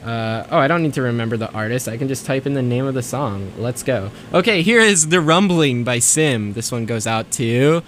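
A man's voice: mid-range voice, lively intonation, normal speed, hardly any pauses, a bit bright, slight background noise. A young man hosting a college radio show, chatting casually and rambling with lots of fillers between songs. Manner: rambling, filler-heavy, self-deprecating.

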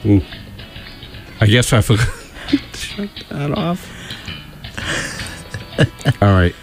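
A man on a small radio show who talks slowly, stalling with fillers and repeated words, his pitch swinging widely. Music sits clearly behind him. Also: very animated. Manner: hesitant, stammering, slow. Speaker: radio co-host. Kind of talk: casual radio banter.

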